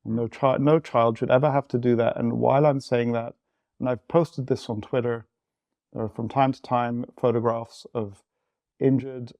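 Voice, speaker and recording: A man in his fifties telling a personal story candidly in an interview, halting and restarting often. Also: mid-range voice, fairly even intonation, a little mellow, no echo. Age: 50s. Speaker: guest.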